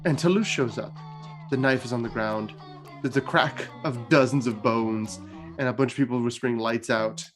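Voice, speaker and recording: A male channel host casually retelling a story, chatty and loose, full of filler words. His voice sits at a middling pitch, and light guitar music plays faintly underneath. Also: moderate pace.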